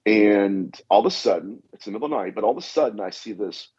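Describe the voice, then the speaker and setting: The man here is a demonologist appearing as a podcast guest, sharing stories at a quick pace in a fairly low, lively, slightly rough and mellow voice. The audio is dull and lo-fi, and he performs the conversations he describes, repeating "I said" often.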